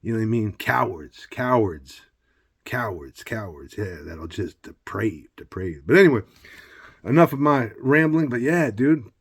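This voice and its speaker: A man's voice: mid-range voice, expressive, normal speed, slightly rough. A man talking in a loose, blunt, rambling personal monologue, often filling with casual asides. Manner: blunt, loose and rambling, full of "you know what I mean".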